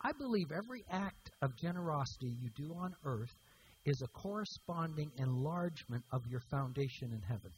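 A man's voice: fairly high pitch, darkish tone, slight background noise, low-quality recording. A man preaching a sermon as pastor, emphatic and repeating key words for stress.

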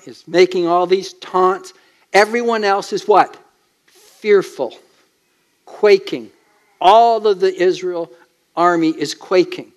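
A man preaching a sermon in an emphatic way, asking the listeners questions as he goes. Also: high voice.

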